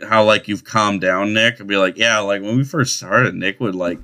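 Male podcast host, low voice with a bright edge, profane and rambling. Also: fairly even intonation, moderate pace. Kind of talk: crude casual chat.

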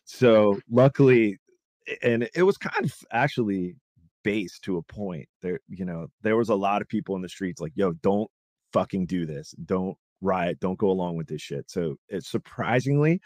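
Casting: low-voiced man, heated profane rant, dry close sound. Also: animated, normal speed, darkish tone, no echo. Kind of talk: casual political chat.

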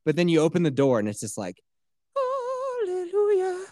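A man telling stories in casual podcast chat, ranting in a profane, animated way. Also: medium pitch, very fast, dry recording, clean studio sound.

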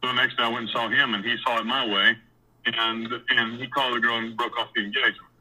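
Heard through poor audio, a quick-paced man with a mid-range voice narrates his own story. He wanders casually, uses blunt, profane words, restarts and repeats himself a lot, and becomes animated when he gets into scenes.

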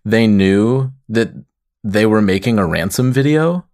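A man's voice: on the low side, a little slow. A man from the Bay Area co-hosting a podcast, telling stories with animation and acting out quotes. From San Francisco Bay Area. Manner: animated storyteller, acts out quotes. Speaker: podcast co-host. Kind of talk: casual chat.

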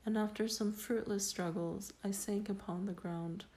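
A woman reading a first-person story aloud in a slow, solemn and measured way. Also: mid-range voice, fairly even intonation, a little mellow. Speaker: reader. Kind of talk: dramatic audiobook narration.

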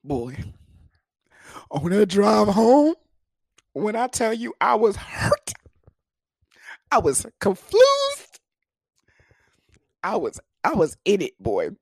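A young man from the United States telling a comedic personal story, swearing freely and jumping into high voices to imitate others. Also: big pitch swings, takes it slowly, vocal fry, pauses often, a little mellow, no room sound.

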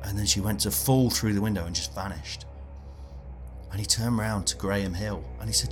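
A man telling a comic story in a meandering, deadpan way, stopping to add details he forgot. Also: lowish voice, moderate pace, faint music behind. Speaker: comedian guest.

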